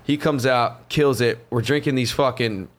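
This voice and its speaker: A man at an ordinary middle pitch tells stories in casual chat, swearing freely and getting animated as he goes. His speech is loose and conversational, with a podcast co-host's easy back-and-forth. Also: moderate pace. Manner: profane, animated storyteller.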